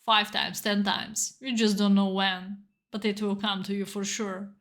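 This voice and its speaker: A woman from Bulgaria with a Bulgarian accent, chatting earnestly and emotionally on a live chess stream while playing blitz, in halting non-native English. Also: mid-range voice, flat delivery, a bit bright. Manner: earnest and encouraging, with broken non-native phrasing.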